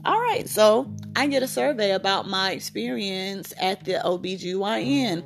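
A woman in her thirties hosts her own podcast and tells a personal story candidly. She speaks with emphasis at a medium pitch and repeats phrases to stress her point. Plucked guitar music plays clearly behind her. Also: lively intonation, normal speed, hardly any pauses. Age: 30s. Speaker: podcast host.

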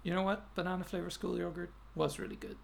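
A man's voice: high voice, big pitch swings, quick pace, creaky, slight background noise. An Icelandic man co-hosting a podcast, chatting casually and hesitantly, with lots of restarts. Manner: hesitant, full of restarts and fillers, laughs easily. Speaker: podcast co-host. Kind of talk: casual chat.

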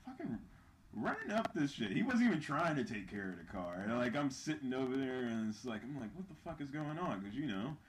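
A man telling a story in casual chat, laid-back and profane, often trailing off quietly. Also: medium pitch, big pitch swings, fairly quick, slight background noise. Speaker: podcast co-host.

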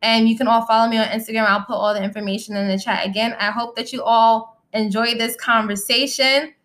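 A woman's voice: a little high, steady tone, brisk, fairly bright tone. A young adult woman hosting a casual live-audio podcast, talking bluntly and candidly and reacting to comments from the chat. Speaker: podcast host and musician.

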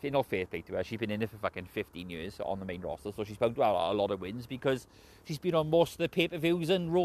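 Mężczyzna z brytyjskim akcentem, który luźno i chaotycznie omawia wrestling, dużo przeklina i często się śmieje. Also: male voice, mid-range voice. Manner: heavy swearing, rambling, laughs often. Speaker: wrestling show reviewer. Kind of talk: casual spoken recap and opinion.

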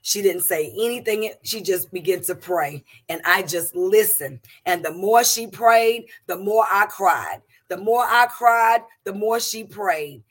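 A middle-aged woman giving a personal testimony to a congregation, in an emotional, halting way with many restarts and repeated words. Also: mid-range voice, fairly bright tone. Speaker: church member giving testimony.

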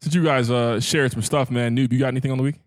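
A man hosting a podcast, teasing his friends in an energetic, laughing way. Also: medium pitch, fast talker. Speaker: podcast host. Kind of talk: casual chat.

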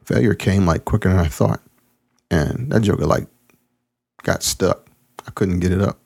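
A man's voice: low voice, normal speed, gravelly, darkish tone, breathy edge. A man hosting his podcast, reading a story aloud and then chatting in a laid-back, slangy way. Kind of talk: audiobook narration and casual chat.

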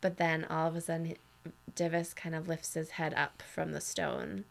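A woman's voice: low-pitched, little pitch movement, moderate pace, vocal fry. A woman co-hosting a podcast, casually recapping a TV episode and recounting scenes at length. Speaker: podcast co-host.

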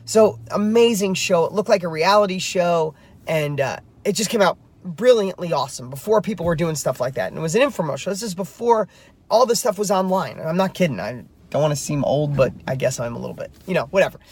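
A man's voice: high voice, lively intonation, fairly quick, breathy edge. A middle-aged man, a real estate coach, telling a story to camera while driving, emphatic and fired up.

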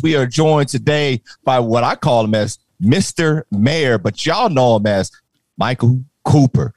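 A man hosting a podcast, welcoming a guest and ribbing his co-host in quick banter. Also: mid-range voice, a little mellow, no echo. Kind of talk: casual podcast chat.

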